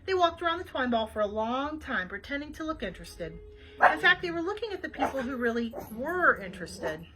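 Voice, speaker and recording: A woman reading a children's novel aloud for a library program, expressive and chatty, with small asides to her listeners. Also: sits high, brisk, a little hiss or hum, rough recording. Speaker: library read-aloud host.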